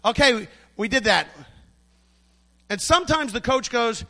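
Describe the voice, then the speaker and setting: A man's voice: sits high, expressive, normal speed, gravelly, pushed and bright. A middle-aged man preaching a sermon, emphatic and storytelling, acting out the voices he quotes.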